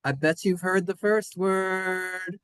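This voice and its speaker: A man's voice: high-pitched, fairly even intonation, takes it slowly, fairly bright tone, clean tone, no echo. A man teaching Hebrew in a playful class, goofy and self-mocking, spelling words out letter by letter. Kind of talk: playful online class lesson.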